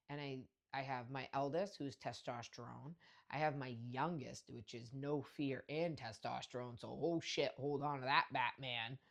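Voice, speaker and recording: A woman in her forties hosting a podcast, telling casual stories in a brash, profane way with frequent laughter. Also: extremely low pitch. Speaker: podcast host. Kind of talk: casual storytelling monologue.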